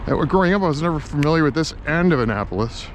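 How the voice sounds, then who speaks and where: A man narrating a casual vlog as he explores an old industrial site, musing and halting with many fillers, from a helmet-mounted camera. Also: fairly high pitch, lively intonation. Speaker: vlogger exploring a historic site. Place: outdoors near rail lines and traffic. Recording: outdoor noise, traffic. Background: clear street and vehicle noise.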